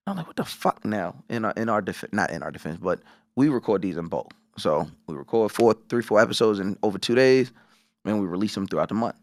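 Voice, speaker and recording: A man's fairly low voice moves along briskly in a dry recording. He co-hosts a podcast and, chatting casually, tells an animated story full of swearing, acting out what others said.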